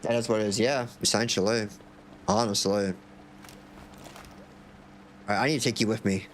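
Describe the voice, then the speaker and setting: A man's voice: fairly low pitch, steady tone, moderate pace, a little hiss or hum. A young man from Florida chatting casually on a live stream into a desk mic, rambling and joking with occasional swearing. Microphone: desk microphone.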